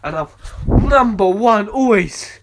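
A man delivering a ranting monologue to camera, emphatic and repetitive, swinging between quiet and loud. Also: high voice, animated, slow. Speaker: video blogger.

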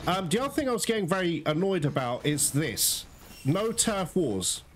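Excitable, swearing gameplay commentator man. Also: high-pitched, normal speed, slight background noise. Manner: excitable, swears often, talks to viewers as guys. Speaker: gaming YouTuber. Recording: loud game music behind the voice. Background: loud game music.

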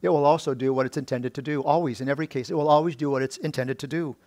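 A middle-aged male pastor giving a sermon, often restarting his words and rising loud and high on key points. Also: steady tone, racing, no echo. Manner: preaching with many restarts and repeated words; rises to a loud high pitch when stressing points.

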